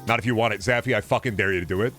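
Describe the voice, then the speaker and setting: A man's voice: on the low side, very fast, a bit bright, soft background music. A man streaming a game, chatting casually in a rambling, profane, jokey way.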